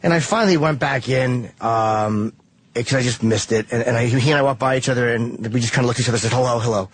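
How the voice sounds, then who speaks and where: Fast-talking man in profane chat. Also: medium pitch, breathy edge. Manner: fast, profane, fond storytelling. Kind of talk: casual podcast chat.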